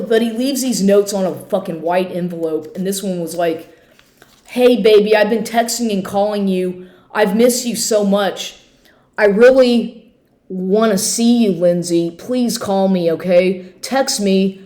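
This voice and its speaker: A woman's voice: fairly low pitch, warm tone. A woman in her fifties ranting angrily to camera at home, swearing often and restarting her sentences. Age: 50s. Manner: heated, swearing, repetitive restarts. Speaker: vlogger. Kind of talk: angry profane rant to camera. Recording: echoey room.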